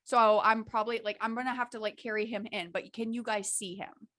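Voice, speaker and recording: A young woman co-hosting a casual podcast, recounting a story from work with bursts of laughter. Her voice sits high, and she animatedly acts out what everyone said. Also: fairly even intonation, a little fast, sharp tone. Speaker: podcast co-host.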